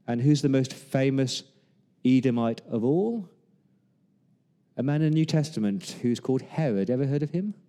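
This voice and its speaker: A man's voice: mid-range voice, dark tone. A man preaching a sermon as pastor, retelling Bible scenes with humor and acting out the lines of the people in them. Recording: long hall reverb.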